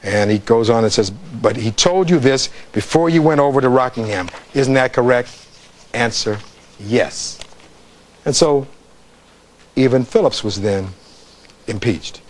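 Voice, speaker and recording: A man's voice: medium pitch, a little slow, long pauses. A man, a defense attorney, giving a closing argument in a courtroom, reading testimony aloud and putting rhetorical questions to the jury.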